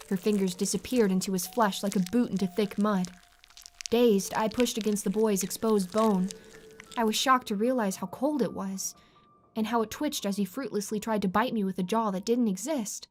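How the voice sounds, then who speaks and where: Horror story narration, female voice, steady and dramatic, soft music behind. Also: mid-range voice, normal speed. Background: faint music.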